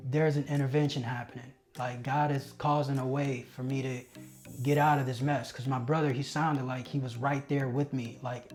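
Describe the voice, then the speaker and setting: A man's voice: mid-range voice, darkish tone. Earnest man telling his own story. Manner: earnest, candid, self-deprecating with laughs. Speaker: testimony speaker. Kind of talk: personal storytelling.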